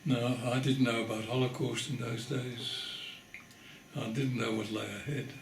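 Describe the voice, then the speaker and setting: An older man from the Netherlands giving an oral history testimony, telling his story in a measured way and pausing for weight. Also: mid-range voice, little pitch movement, vocal fry, reverberant, slight background noise. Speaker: interviewee.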